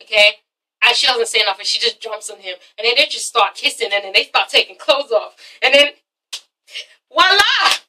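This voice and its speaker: Bright, emphatic woman vlogger. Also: fairly high pitch, brisk, recorded from a distance, poor audio. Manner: emphatic, swears often, keeps asking "okay?". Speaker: TV show reviewer. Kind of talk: casual vlog commentary.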